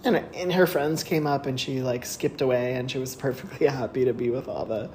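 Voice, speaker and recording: A woman's voice: very deep voice, fairly quick, darkish tone, slight background noise. A woman co-hosting a podcast, chatting casually and telling a story with lots of fillers. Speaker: podcast co-host. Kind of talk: casual chat. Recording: roomy echo.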